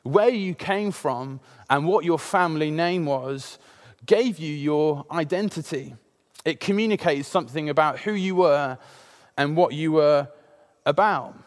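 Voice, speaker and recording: A man's voice: on the high side, a little slow. A man in his thirties preaching a sermon, opening with a personal story in a conversational way and many filler sounds.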